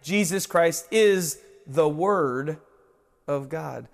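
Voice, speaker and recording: A man preaching a sermon as a pastor, reading scripture and building to emphatic rises before dropping to a quiet hush. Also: fairly high pitch, very slow, creaky, in a large hall, soft background music.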